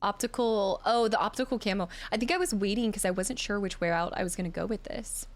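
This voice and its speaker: A woman's voice: mid-range voice, fast talker. A woman streaming a video game, chatting casually with her viewers and answering their comments as she plays. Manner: chatty, reads and answers chat, animated. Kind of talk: casual live-stream chat while gaming.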